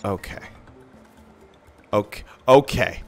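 A man live streaming a game from home, ranting and cursing, swinging between shouts and muttering. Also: medium pitch, big pitch swings, a little slow, faint music behind. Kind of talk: profane rant-style game commentary.

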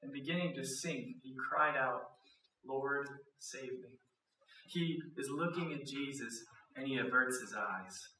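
A man, a student pastor, preaching a sermon with lively storytelling and acted-out quotes. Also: medium pitch, moderate pace, slight background noise. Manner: animated storyteller, acts out quotes, laughs often. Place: church auditorium. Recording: echoey hall, mic at a distance.

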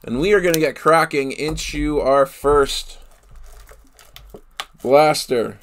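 A man's voice: a little high, slow, pauses often, fairly bright tone. A man from Canada hosting a live card break, chatting casually with viewers, laughing often and thinking aloud with fillers.

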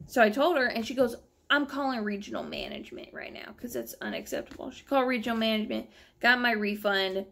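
Rambling, gravelly woman telling a story. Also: a little high, fast talker. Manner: animated, rambling, exasperated storytelling. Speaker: vlogger. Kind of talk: casual storytelling vlog. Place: at home.

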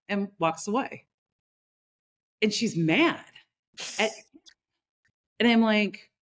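A middle-aged woman talking in a relaxed conversational podcast, telling a workplace story and acting out the people in it. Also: mid-range voice, slow pace, long pauses. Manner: animated, acts out quoted people in her stories. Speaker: leadership consultant and host.

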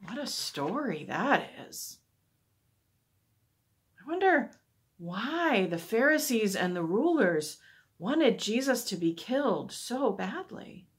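Breathy woman reading a story to children. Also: medium pitch, slow. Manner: expressive, asks wondering questions. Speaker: church staff storyteller for children.

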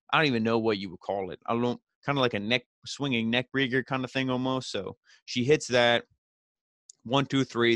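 A man's voice: medium pitch, a bit bright, dry recording. A man hosting a podcast, giving a casual, rambling recap full of "you know" fillers and paraphrased quotes. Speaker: podcast host.

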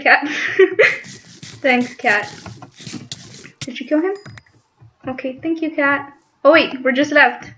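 A woman's voice: high-pitched, fairly bright tone. A young woman chatting casually over her gameplay, giggling and squealing now and then. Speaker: gaming channel host. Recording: dull lo-fi mic with faint noise.

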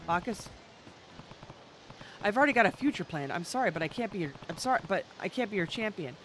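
A woman's voice: mid-range voice, expressive, brisk, fairly bright tone, a little hiss or hum, lightly acted. A woman reading a terse, serious young male brawler. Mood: curt. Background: game music.

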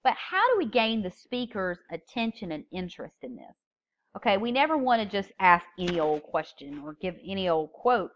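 Very animated and medium-pitched, a woman leads a public speaking class at a moderate pace in this lo-fi lecture recording. She walks through steps one by one, leaning on key words in the example openings she reads.

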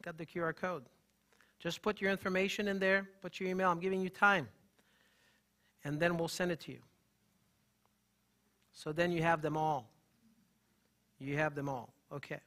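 A man, a holistic health practitioner, gives an animated, emphatic live talk and banters with the audience in the room. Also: fairly high pitch, moderate pace, pauses often.

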